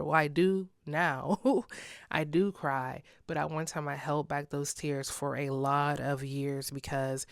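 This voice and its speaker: A woman's voice: low-pitched, dry recording, clean studio sound. A young woman hosting a solo podcast, talking candidly in a casual way and laughing often. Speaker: podcast host.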